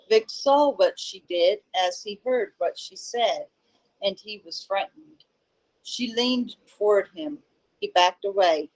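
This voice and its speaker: A woman reading a novel aloud in a steady, unhurried storytelling manner. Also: medium pitch, poor audio. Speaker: audiobook reader.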